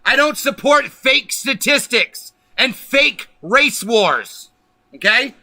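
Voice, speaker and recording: A man's voice: extremely high pitch, animated, slow pace, sharp tone, no echo. A man hosting a political livestream, ranting angrily and emphatically with lots of profanity. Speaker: livestream host.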